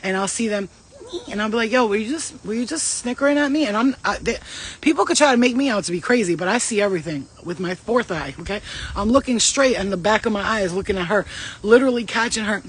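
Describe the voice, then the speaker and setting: A woman giving casual spiritual advice as a vlogger, blunt and profane, telling stories in an animated way. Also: mid-range voice, fast talker, husky. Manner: blunt, profane, streetwise talk; animated storytelling.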